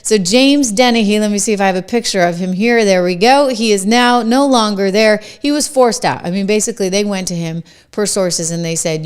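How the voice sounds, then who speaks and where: A woman's voice: medium pitch, clear, resonant tone. Emphatic woman host with New Hampshire accent. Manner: emphatic, conversational, quick asides. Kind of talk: political commentary to camera.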